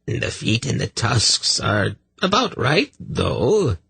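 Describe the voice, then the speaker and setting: Narrator doing a crazy creepy forest hermit, rusty growl, slow and threatening. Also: male voice, medium pitch, big pitch swings, creaky, bright, forceful tone, slightly rough, no echo, voice pushed up, exaggerated voice. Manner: threatening and unhinged. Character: mad, menacing male forest hermit, gaunt and wild.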